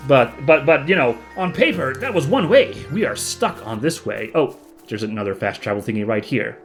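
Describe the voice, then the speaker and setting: A man's voice: mid-range voice, lively intonation, normal speed, soft background music, poor audio. A man hosting a let's play, musing chattily about the game with plenty of fillers. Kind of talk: casual gameplay commentary.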